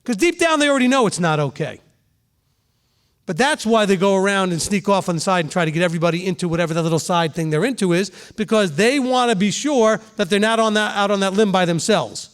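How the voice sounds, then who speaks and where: A middle-aged man, a rabbi, teaching a congregation in a relaxed sermon, often turning to ask the room questions and acting out quick examples. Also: high-pitched. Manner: conversational preaching, asks the room questions, voices quick examples.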